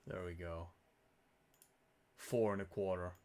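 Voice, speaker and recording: A low-pitched, slightly mellow voice speaks slowly and in a steady tone. He is a man from the Netherlands streaming a game live, casually commenting on his inventory with self-mocking humor and plenty of swearing.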